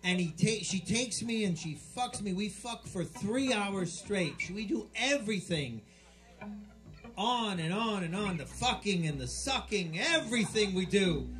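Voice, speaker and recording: A man's voice: high-pitched, expressive, measured pace, a bit bright, soft background music. A man telling crude jokes on stage at a bar, rambling, restarting and bickering with the crowd. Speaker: stand-up comic at a bar show. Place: bar with live band setup.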